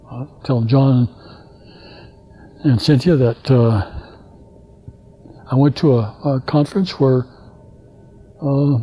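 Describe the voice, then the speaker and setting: An older man from Alaska giving a guest lecture, telling stories in a halting, rambling way and acting out the dialogue he quotes. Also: medium pitch, breathy edge. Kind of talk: anecdotal storytelling lecture. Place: lecture hall. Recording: dull lo-fi lecture recording.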